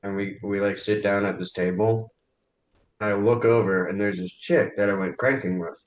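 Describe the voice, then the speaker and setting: Low-voiced young man on a roomy call. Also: steady tone, normal speed, highs cut off. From New Jersey. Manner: laughs through his stories, casual swearing. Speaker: friend on a call. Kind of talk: casual chat.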